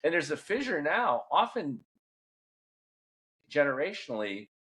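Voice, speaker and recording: A middle-aged man hosting a podcast, asking long, thoughtful questions at a measured pace. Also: a little high, very animated, fairly bright tone. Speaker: podcast host. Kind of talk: interview questions and commentary.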